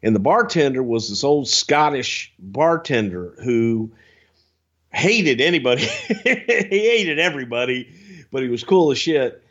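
A man on a casual podcast, animated and swearing freely as he tells a story and slips into quick impressions. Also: lo-fi sound. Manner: animated, swears freely, jumps into high-pitched impressions and singing. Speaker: podcast co-host telling stories.

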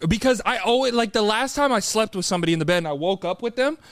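A man's voice: high voice, expressive, a bit bright, no echo. A young man co-hosting a podcast, talking in a casual, earnest way, often stumbling and restarting his sentences. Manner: earnest, halting, stumbles over words. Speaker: podcast co-host. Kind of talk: casual chat.

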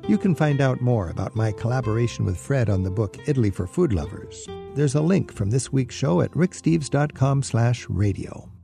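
A man's voice: mid-range voice, animated, vocal fry, mellow, faint music behind. A middle-aged man hosting a radio travel show, chatting enthusiastically with a guest and reading show links into a studio microphone. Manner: enthusiastic, conversational, quick laughs.

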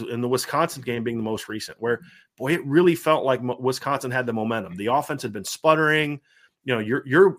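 A man with a Savannah, Georgia accent hosting a sports podcast, excitable and rambling, often repeating himself. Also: medium pitch. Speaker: podcast host. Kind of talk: casual sports podcast chat.

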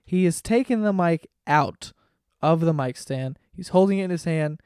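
A man's voice: a little high, normal speed, a little mellow, smooth, dry recording, clean studio sound. A young man hosting a podcast, telling crude stories in casual chat. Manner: crude, joking storyteller. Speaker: podcast host. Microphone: studio mic on stand.

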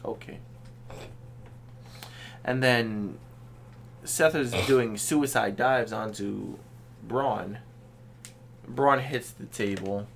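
Casting: male podcast co-host, unhurried and sarcastic, faint background hiss. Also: fairly low pitch, creaky. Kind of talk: casual wrestling recap chat.

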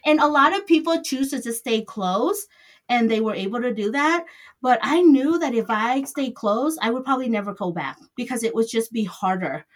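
Middle-aged woman, salon owner, talks loose and rambling, voice a bit high. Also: expressive, moderate pace. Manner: chatty, rambling, loose grammar. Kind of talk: interview answers.

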